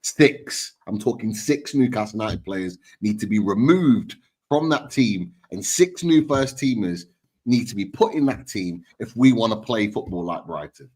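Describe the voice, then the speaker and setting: Man, husky voice, blunt and heated, football fan chat, ranting. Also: on the low side, animated, normal speed, darkish tone. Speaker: fan podcast panelist.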